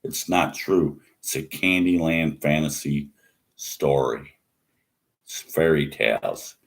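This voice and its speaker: A man's voice: extremely low pitch, takes it slowly, gravelly. A man ranting scornfully in a monologue, mocking and repeating himself. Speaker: atheist vlogger.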